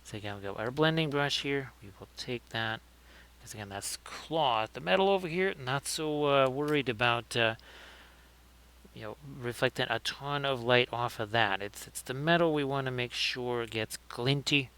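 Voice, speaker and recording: A man's voice: mid-range voice, moderate pace, pushed and bright, smooth. A man hosting a livestream, chatting casually and joking as he talks through painting his miniatures. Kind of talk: casual live commentary.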